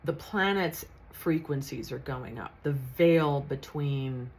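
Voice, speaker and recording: A woman's voice: very deep voice, slow pace, a little mellow, poor audio. A woman in her fifties, a psychic medium telling a story in a chatty, earnest way with frequent restarts. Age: 50s. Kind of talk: casual storytelling monologue.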